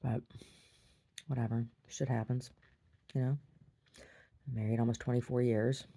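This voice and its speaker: A woman's voice: extremely low pitch, little pitch movement, measured pace, creaky, mellow. A middle-aged woman, a gallery owner, chatting in a meandering, giggly way in a casual monologue.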